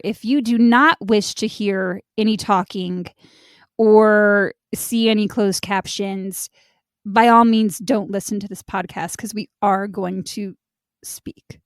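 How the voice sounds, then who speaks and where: A woman's voice: mid-range voice, dry recording, studio quality. A woman co-hosting a podcast in laid-back, chatty conversation with casual swearing. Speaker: podcast co-host. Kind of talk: casual chat.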